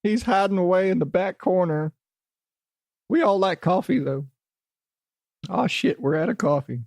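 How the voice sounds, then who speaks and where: A man putting on a gruff Scottish-ish character voice while he rambles on his podcast. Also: high voice, normal speed, no echo, studio quality, voice pushed up, natural voice. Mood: manic. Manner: brogue-tinged, theatrical, rambling.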